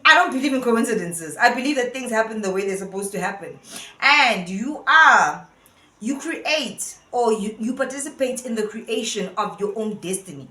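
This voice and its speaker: A woman muses aloud in a casual commentary, earnest and a bit rambling at a middling pitch. Her voice rings in a roomy space with a noticeable echo. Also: bright, forceful tone. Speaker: vlogger.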